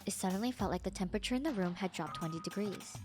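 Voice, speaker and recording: Girl reading a quiet thoughtful young guy narrating, game music under. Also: medium pitch, racing, lightly acted. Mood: reflective. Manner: quiet, reflective.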